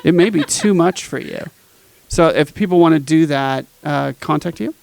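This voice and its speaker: Joking podcast host with a gravelly voice. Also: male voice, a little high, normal speed, darkish tone, rough recording. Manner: joking, teasing, playful. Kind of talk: casual chat.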